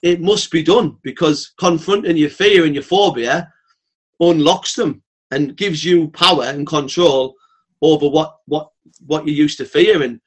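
A man, talking bluntly and swearing freely as a podcast guest, telling animated stories. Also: a little high, measured pace, slightly rough. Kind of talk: casual podcast chat.

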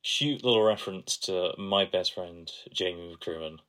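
Deep-voiced young man, bright tone. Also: a little slow. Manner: analytical, trivia-sharing. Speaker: podcast co-host. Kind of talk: casual chat.

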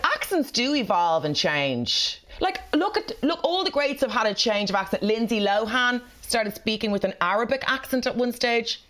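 A woman's voice: on the high side, big pitch swings, normal speed, hardly any pauses, fairly bright tone. A woman with a South County Dublin accent, chatting casually and swearing as a podcast co-host. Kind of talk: casual chat.

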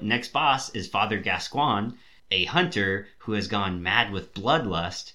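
Bright-voiced young man chatting casually. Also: lowish voice. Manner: enthusiastic rambling, many fillers. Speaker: podcast host. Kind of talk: casual chat.

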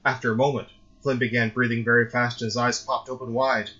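A man reading a dramatic story aloud in a steady storytelling voice. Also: medium pitch, a little fast, dull audio. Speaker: narrator. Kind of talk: scripted audiobook narration.

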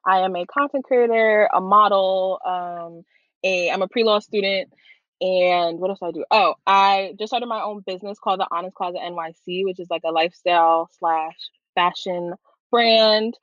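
A woman's voice: mid-range voice, fairly even intonation, moderate pace, a bit bright, dry recording. Young woman, New York accent, podcast guest, playful, slightly lo-fi line. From New York, USA. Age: 20s. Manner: playful, laughs easily. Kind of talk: casual podcast chat.

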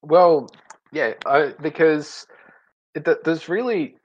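A man's voice: a little high, takes it slowly, dull audio. A man co-hosting a casual online podcast, hesitant and puzzled. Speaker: podcast co-host.

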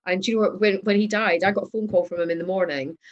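A woman chats candidly over a video call, laughing often and swearing lightly. Her pitch sits mid-range for a woman. She is a guest in a relaxed conversation. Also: fast, dull audio. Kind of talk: casual chat.

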